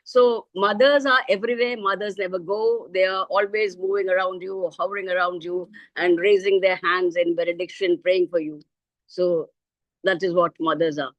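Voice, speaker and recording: A middle-aged woman poet recites her own poem expressively over a video call, switching to a child's voice for the quoted lines. Her voice is fairly low and her pace normal. The recording has no room sound and the high frequencies are cut off.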